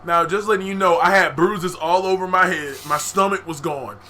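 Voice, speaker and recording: High bright-voiced young man telling stories. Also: normal speed, slight background noise. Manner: animated, profane slang, laughs often. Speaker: podcast co-host. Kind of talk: casual storytelling.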